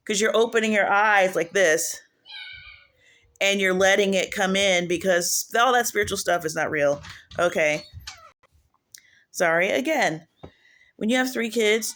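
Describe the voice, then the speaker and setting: A woman's voice: on the low side, unhurried, fairly bright tone. A woman preaching casually in a home video, rambling and digressive, often restarting her sentences. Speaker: online prophetess.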